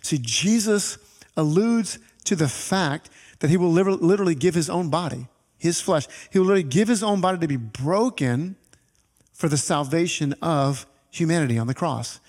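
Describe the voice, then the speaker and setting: A man preaching a sermon as pastor, animated and conversational, with asides to the congregation. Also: a little high, moderate pace. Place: church sanctuary. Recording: reverberant hall with faint music.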